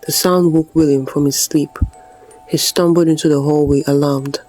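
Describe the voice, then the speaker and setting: Storyteller reading a spooky folktale, steady middle voice, light music under it. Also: medium pitch, moderate pace, poor audio. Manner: dramatic, suspenseful reading. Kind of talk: scripted narration of a folktale.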